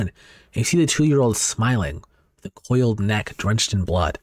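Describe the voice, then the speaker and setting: A man's voice: lowish voice, lively intonation, normal speed, a little mellow, dry recording, clean studio sound. A young man giving casual commentary over a horror manga recap, reacting aloud as he goes.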